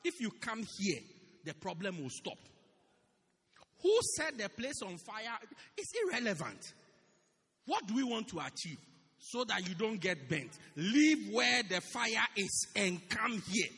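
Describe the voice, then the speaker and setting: A male pastor delivers an animated sermon in a church with a high, lively voice that rises and falls freely. He leans on repetition, saying key phrases again and again for emphasis. The sound carries a long church-hall reverb. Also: a little slow, husky.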